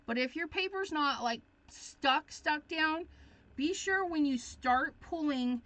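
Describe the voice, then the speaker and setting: A woman hosting a crafting tutorial, chatting casually and thinking aloud, easily excited as she works. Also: high-pitched, slow. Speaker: craft demonstrator. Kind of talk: live crafting tutorial chat.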